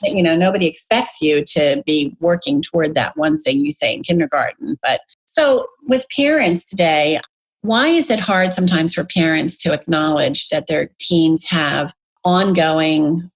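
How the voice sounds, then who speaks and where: A woman's voice: deep voice, unhurried, low-quality recording. A woman hosting an interview, thoughtful and asking open questions. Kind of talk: conversational interview.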